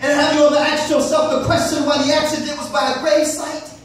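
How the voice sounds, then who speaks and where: A man voicing God as a patient, fatherly figure who calmly admonishes, heard echoing from far off in a hall. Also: very high voice. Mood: admonishing. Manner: calm, admonishing, measured.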